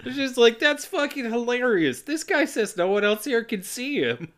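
A man's voice: extremely high pitch, sing-song, normal speed, fairly bright tone. Laughing man retelling a movie scene. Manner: laughing, profane, acting out characters' lines. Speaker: podcast co-host. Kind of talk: casual movie recap narration.

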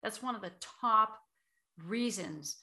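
A woman who coaches voice and public speaking, giving measured, explanatory answers as an interview guest. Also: fairly high pitch, lively intonation, pushed and bright.

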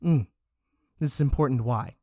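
A man voicing a bookish, probing young female cat in a story, with a light, higher-pitched questioning lilt. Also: moderate pace, darkish tone, no echo, clean studio sound, natural voice.

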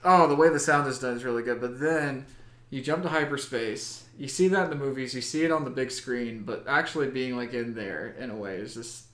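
A man in casual conversation, excitable and profane, talking with lots of fillers. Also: mid-range voice, a little fast, roomy sound. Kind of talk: casual chat.

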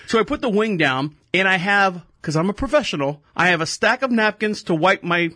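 Bright, high-voiced man rambling through a story. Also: expressive, a little fast, few pauses, dry recording, studio quality. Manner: rambling, self-amused, swears; laughs mid-sentence. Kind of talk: casual anecdote.

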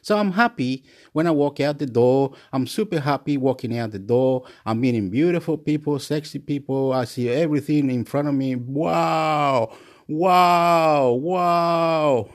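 A man with a mid-pitched voice rambles through a solo monologue, drifting from one puzzled question to the next. He wanders off topic and sometimes breaks into high scat singing. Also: brisk, hardly any pauses, dark tone.

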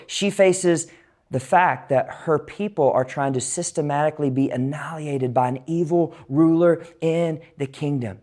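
A pastor preaching a sermon and reading scripture aloud, swinging from raised emphasis down to hushed whispers. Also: mid-range voice. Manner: reads scripture passages aloud.

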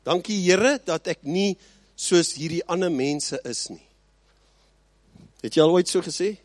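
A man preaching with a lively, swooping delivery, leaning hard into emphasis and then dropping to quiet asides. His voice sits a little high for a man and sounds close and dry. He keeps checking in with the congregation. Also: normal speed, dry recording. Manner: animated preaching, swinging between loud emphasis and quiet asides; rhetorical check-ins with the congregation. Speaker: pastor. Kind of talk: sermon.

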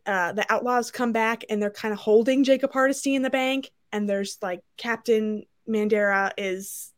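A woman co-hosting a book podcast, retelling the plot in casual chat and acting out the characters in quick, animated voices. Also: on the high side.

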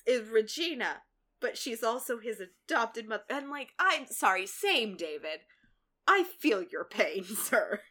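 A woman co-hosting a casual TV recap, animated, laughing often and swearing freely. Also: fairly high pitch, a little slow. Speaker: podcast co-host.

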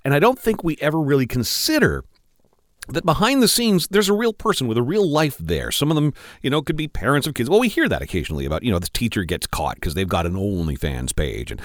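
Male co-host, animated pitch, dry close mic, upbeat chat. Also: fast, no echo. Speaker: podcast co-host. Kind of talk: casual chat.

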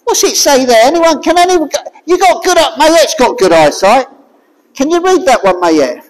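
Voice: high voice, sing-song. A preacher giving a sermon to a small congregation, asking the listeners question after question. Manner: slow, questioning, draws listeners in with repeated rhetorical questions. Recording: long reverb of a hall.

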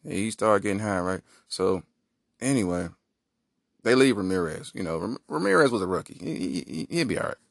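A man's voice: on the low side, lively intonation, fairly quick, gravelly, no room sound, studio quality. A man hosting a podcast, telling a rambling comic story with lots of asides. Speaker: podcast host. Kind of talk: comedic monologue.

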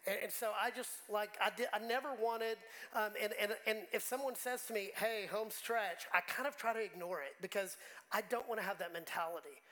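A man's voice: high voice, fairly quick, bright, forceful tone, rough recording. A man preaching a sermon as pastor, talking conversationally and emotionally, often restarting his words.

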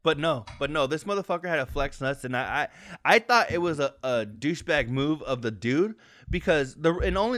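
Brief: male podcast co-host, slightly high voice, dry close-mic sound, swears freely, acts out quotes mid-story. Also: dry recording. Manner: profane, animated storyteller acting out quotes. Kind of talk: casual storytelling chat.

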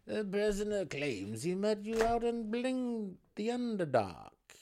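A man voicing an ancient male deep gnome elder who speaks in a high, thin, hushed voice. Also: big pitch swings, takes it slowly, background noise, full character voice. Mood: grave.

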